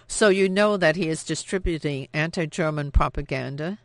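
A man's voice: on the high side, normal speed, no echo, lightly acted. A narrator voicing a cold, menacing male secret police officer who interrogates in clipped, raised tones.

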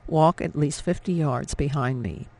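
A man voicing a weary young French woman who guides airmen, speaking quietly with a French accent in an audiobook. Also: a little high, unhurried, vocal fry.

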